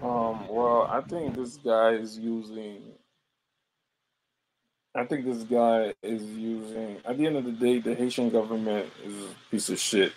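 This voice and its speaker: A man's voice: on the low side, steady tone, unhurried, a little mellow, a little hiss or hum, poor audio. A man speaking as a podcast panelist in a casual discussion, blunt and profane.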